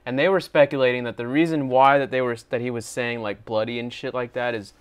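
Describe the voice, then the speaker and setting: A man's voice: mid-range voice, fairly even intonation, quick pace, clear, resonant tone. A man co-hosting a reaction show, chatting casually, explaining clips and asking his partner's opinion. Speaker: co-host.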